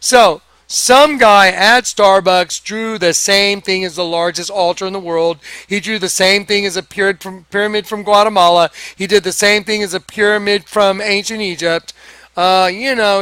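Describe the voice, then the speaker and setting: An excitable man tells a story straight to his viewers and acts out each exchange. His voice sits high with a bright, forceful edge. The recording is dry and close to the mic. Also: moderate pace, clean tone, no room sound. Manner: excitable, acts out quoted dialogue. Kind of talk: animated storytelling monologue.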